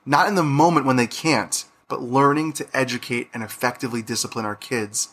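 Lively man telling a parenting story. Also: mid-range voice, fairly quick. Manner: animated storyteller, acts out his daughter's lines. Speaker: podcast host. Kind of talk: podcast interview.

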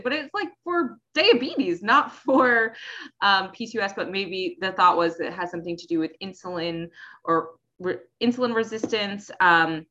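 A woman on a podcast walks through information she has looked up, in a steady, explanatory way. Her voice sits at a middling pitch, and the recording sounds a little muffled. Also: moderate pace. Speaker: co-host sharing research. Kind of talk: casual podcast chat.

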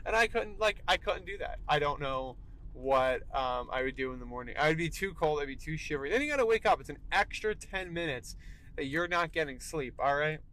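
A man's voice: on the high side, animated, a little fast, pushed and bright, poor audio. Emphatic young man hosting a podcast. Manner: emphatic, keeps saying "all right". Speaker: podcast host. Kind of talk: solo podcast monologue.

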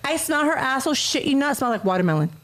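A woman who is a guest on a casual podcast, telling a story in an animated way, acting out quotes and swearing freely. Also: sits high, quick pace.

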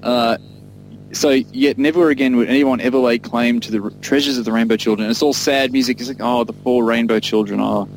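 A man's voice: mid-range voice, fairly even intonation, brisk, poor audio. Man, podcast co-host, casual music talk, enthusiastic, rambling, faint background music. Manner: enthusiastic, rambling, laughs often. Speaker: podcast co-host discussing an album.

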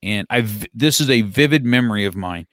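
A man's voice: lowish voice, animated, a little fast, fairly bright tone, no echo, clean studio sound. A man in his fifties, a martial arts instructor, telling stories in casual conversation, rambling and repeating his words. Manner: rambling, restarts and repeats words, chuckles often.

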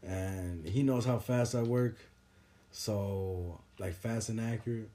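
A young man in casual podcast chat, rambling through animated, profane stories. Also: fairly low pitch, slow, a little hiss or hum. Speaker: podcast host.

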